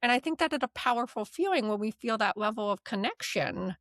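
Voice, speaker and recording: A woman hosts a talk on therapy skills as a DBT course instructor and podcast host, teaching in a casual, chatty way and repeatedly asking "right?" Her voice sits on the high side, expressive and brisk with a fairly bright tone. She laughs lightly mid-sentence, and the recording is dry.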